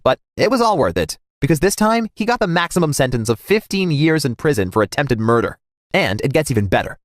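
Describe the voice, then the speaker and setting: A man narrating a scripted first-person story in a dramatic, animated way. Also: mid-range voice, dry recording, studio quality.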